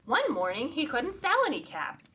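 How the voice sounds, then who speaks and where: A librarian reads a picture book aloud to children in a high-pitched, slightly bright voice that swoops wildly in pitch, at normal speed. She often asks them questions and invites them to join in. She's heard from a little distance, with a little hiss or hum in the recording.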